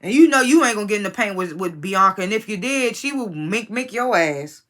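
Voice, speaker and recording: A woman with a bright, forceful voice and a mid-range pitch runs through a reality-show episode in casual commentary. She is blunt, swears freely and talks straight at the cast members she is criticizing. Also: expressive, a little fast. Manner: blunt, profane, opinionated. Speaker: reality TV reviewer.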